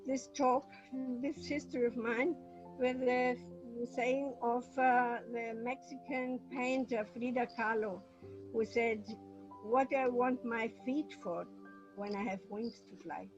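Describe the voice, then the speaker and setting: A woman speaking English as a second language, giving a talk on a video call with hesitant pauses and restarts. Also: high voice, fairly even intonation, dull audio, soft background music. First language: not English. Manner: hesitant, apologetic, with many restarts. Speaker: guest speaker. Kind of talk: online talk.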